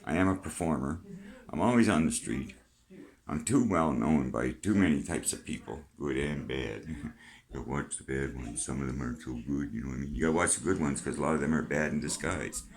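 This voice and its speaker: A man's voice: extremely low pitch, fairly quick. An older man with a Canadian accent, talking freely in a rambling vlog monologue, chatty and plain-spoken, swearing now and then. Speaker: vlogger.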